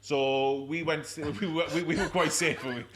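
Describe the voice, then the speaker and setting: A man co-hosts a relaxed podcast from a rugby clubhouse bar. His talk is lively and full of repeats and laughter. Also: a little high, moderate pace. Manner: animated, repeats himself, laughs a lot. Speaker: podcast co-host. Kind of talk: casual pub chat.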